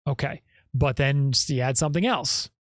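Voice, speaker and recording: A man's voice: medium pitch, normal speed, dry recording, studio quality. A male podcast host giving emphatic casual commentary and often tagging his points with "okay?" or "right?".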